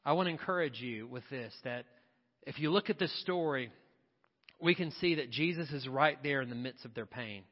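Speaking at normal speed in a mid-range voice, a male pastor builds his impassioned church sermon toward repeated refrains. The recording, made in the sanctuary, sounds dull and carries a long hall reverb.

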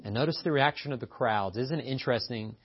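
A man's voice: mid-range voice, quick pace, slightly rough. A man from Appalachia preaching a conversational sermon, telling stories and joking with his guests. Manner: folksy, storytelling, jokes with guests. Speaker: pastor. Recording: slightly muffled recording.

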